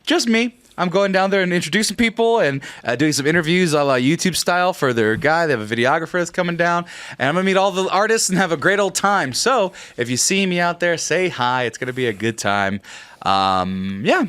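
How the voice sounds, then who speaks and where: A man from the United States hosts a casual podcast chat, worn out but still joking and swearing as he rambles on. His voice is fairly high and bright, jumping around a lot in pitch. The sound is dry and close. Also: animated, a little fast, smooth, no room sound. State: very tired. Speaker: podcast host.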